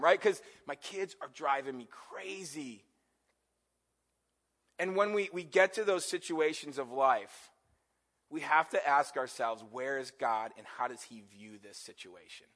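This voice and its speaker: A man's voice: mid-range voice, measured pace, a bit bright. A middle-aged male pastor preaching in a conversational way, often asking his listeners questions. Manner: conversational, asks the congregation questions. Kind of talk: sermon.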